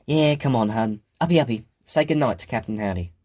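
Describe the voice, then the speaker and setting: A man's voice: mid-range voice, lively intonation, a little fast, lightly acted. A man voicing an affectionate, fretful mother who coaxes her daughter. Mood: coaxing. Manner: warm, coaxing, fretful talk.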